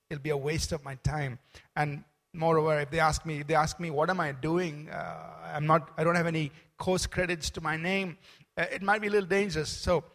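A man's voice: on the high side, a bit bright. A middle-aged man preaching a sermon, telling a personal testimony with many fillers and emphatic calls to the congregation. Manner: storytelling with many fillers and restarts. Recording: long reverb of a large hall.

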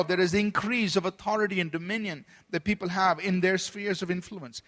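High-voiced preacher in an echoing hall. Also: male voice, fairly even intonation, brisk, a bit bright. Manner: earnest preaching with restarts and repeated words. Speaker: pastor. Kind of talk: sermon. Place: church service. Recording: long hall reverb.

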